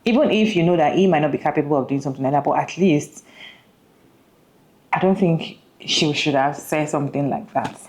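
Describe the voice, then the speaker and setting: A low-voiced woman gives earnest commentary on a story, speaking straight to her viewers. She asks them questions and often restarts her sentences. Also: brisk, darkish tone, low-quality recording. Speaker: host reacting to a clip.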